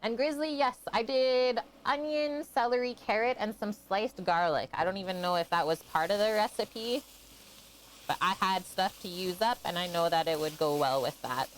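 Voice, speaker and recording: A woman's voice: mid-range voice, normal speed, slight background noise. A woman from Canada chatting casually on a live cooking stream, greeting and thanking viewers by name and laughing often.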